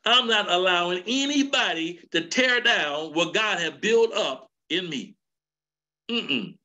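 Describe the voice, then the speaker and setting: A middle-aged man, an elder preaching to a men's church gathering in a fervent cadence that climbs into shouts. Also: high voice. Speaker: elder teaching a men's session. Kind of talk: sermon.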